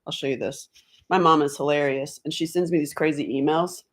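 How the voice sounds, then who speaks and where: A middle-aged woman from North Carolina chatting on a live stream at home, rambling and quick to laugh. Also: deep voice, steady tone. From Asheville, North Carolina, US. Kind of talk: casual live-stream chat. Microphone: laptop computer mic.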